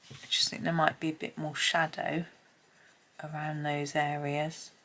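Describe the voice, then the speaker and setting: A woman hosting a casual colouring tutorial at home, chatting and thinking aloud as she works, with frequent pauses and hesitations. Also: low voice, level tone, fairly bright tone. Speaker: colouring channel host. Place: home, at a desk with a tripod camera. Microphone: camera on a tripod.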